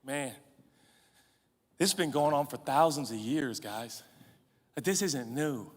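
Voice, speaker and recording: A man in his forties, a pastor, preaching a sermon in an animated, humorous, conversational way, out of breath and sweating. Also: medium pitch, slow. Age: 40s. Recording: reverberant large hall.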